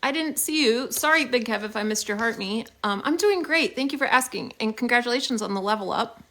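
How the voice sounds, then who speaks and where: Bright, lively young woman chatting on stream. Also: a little high, fairly quick. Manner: chatty and upbeat, thanking viewers with many fillers. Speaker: livestream host. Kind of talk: casual livestream chat with viewers. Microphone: phone.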